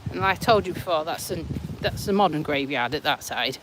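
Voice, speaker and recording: A woman's voice: deep voice, expressive, fairly quick. An English woman chatting to her live viewers while she walks along a roadside footpath, teasing and laughing often, a little out of breath, speaking into a hand-held phone. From England. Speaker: vlogger. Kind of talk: casual live-stream chat. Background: passing traffic.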